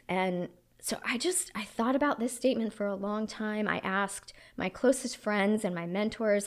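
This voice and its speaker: A woman in her thirties delivers a sermon with a middle-pitched voice. She is earnest and reflective, moving between personal storytelling and scripture. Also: moderate pace, hardly any pauses. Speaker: preacher.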